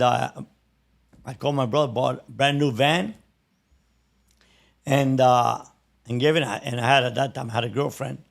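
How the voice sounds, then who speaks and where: A gravelly, medium-pitched man in his sixties, from Cuba and with a Cuban-American accent, tells stories from his life in a casual interview. As he spins these tales, he acts out the other people in them.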